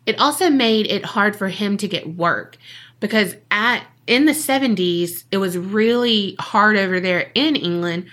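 A woman's voice: mid-range voice, unhurried, a bit bright. A woman co-hosting a podcast, telling a true-crime case in a casual, jokey way and acting out the people she quotes.

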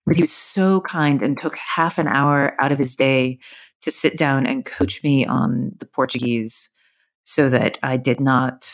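Low-voiced woman, chatty podcast guest. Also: steady tone, a little slow. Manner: chatty, many fillers and restarts. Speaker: author guest. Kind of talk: casual podcast interview.

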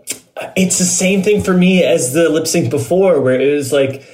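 A man's voice: fairly high pitch, moderate pace, darkish tone. A man guesting on a podcast, chatting casually and animatedly, often repeating words and laughing. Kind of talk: casual chat.

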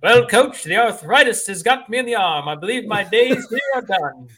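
A man's voice: sits high, animated, moderate pace, bright, forceful tone, pitched above the performer's own voice, full character voice. A man putting on an old-timey 1930s voice for a weary retiring ballplayer.

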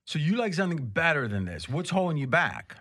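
A man's voice: on the high side, very animated, a little fast, pushed and bright. A man hosting a sports betting talk show, casually debating and skeptically questioning his co-hosts, often cutting in. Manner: probing, skeptical, keeps interrupting with questions. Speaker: sports betting podcast host.

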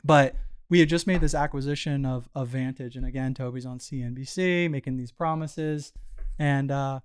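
A man's voice: mid-range voice, normal speed, clean tone. A man guest on a business interview show, talking casually with lots of fillers and restarts. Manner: relaxed, filler-heavy, frequent restarts and "you know". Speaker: startup founder guest. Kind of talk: casual storytelling conversation.

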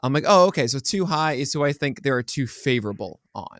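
A man's voice: mid-range voice, expressive, quick pace, a bit bright, no echo, clean studio sound. A man co-hosting a casual sports podcast, telling stories with a joking, teasing manner. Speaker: podcast co-host.

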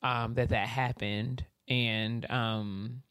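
A young adult woman co-hosting a podcast, telling stories in a chatty, animated way. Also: very slow, clear, resonant tone, no room sound, clean studio sound. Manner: animated storyteller, does high gushing impressions. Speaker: podcast co-host. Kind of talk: casual chat.

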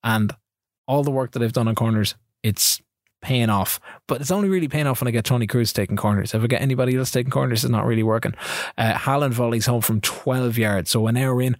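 A man co-hosting a casual gaming podcast, recapping his matches in quick rambling bursts. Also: medium pitch, no room sound, studio quality. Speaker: podcast co-host. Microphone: studio mic.

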